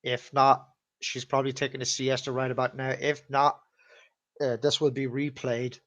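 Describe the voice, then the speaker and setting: Animated man telling stories. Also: medium pitch, normal speed. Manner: animated, swears freely, laughs at his own stories. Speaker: live-stream host. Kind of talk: casual live-stream storytelling. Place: at home in front of a camera. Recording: slightly dull lo-fi sound.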